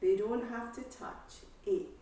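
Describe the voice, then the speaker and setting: A woman exercise instructor calmly guiding a seated breathing class, with slow breath cues and counting. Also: on the high side. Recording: echoey room, voice from far off.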